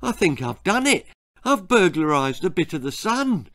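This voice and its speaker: Man doing a sly fibbing boy, high pitched, stammering, storybook reading. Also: very animated, a bit bright, dry recording, clean studio sound. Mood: pleased. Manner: stammering, hurried.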